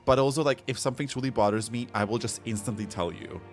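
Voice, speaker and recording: A man's voice: medium pitch, quick pace, soft background music. A man from Europe chatting frankly with viewers during a live game stream. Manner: frank, chatty, responds to chat. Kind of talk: casual live-stream chat.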